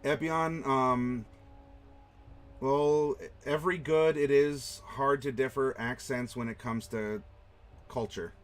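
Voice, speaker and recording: Animated man hosting a map-design stream. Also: medium pitch, slow, soft background music. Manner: animated, playful, talks to chat. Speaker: host.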